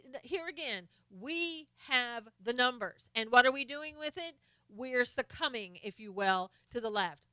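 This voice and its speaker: A woman's voice: a little high, pushed and bright, smooth, no echo. A woman hosting a live stream of political commentary, talking in an impassioned way and greeting viewers by name.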